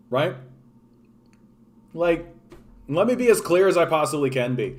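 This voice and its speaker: A man's voice: fairly high pitch, measured pace, pauses often. Profane man ranting casually. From Canada. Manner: profane, animated, filler-heavy, reacting to chat. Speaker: streamer. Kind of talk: casual political rant.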